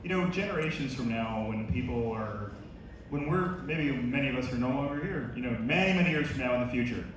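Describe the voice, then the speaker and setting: A man's voice: medium pitch, expressive, a little fast. A man in his thirties interviewing a guest on stage, upbeat and encouraging. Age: 30s. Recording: echoey hall, distant mic, crowd noise. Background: audience.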